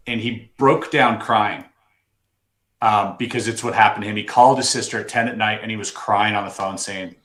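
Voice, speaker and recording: A man co-hosting a podcast who tells a story with animated energy and acts out the quotes. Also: moderate pace. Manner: excitable, acts out quotes with big swings in pitch. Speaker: podcast co-host. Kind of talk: casual chat, animated storytelling. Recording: roomy echo.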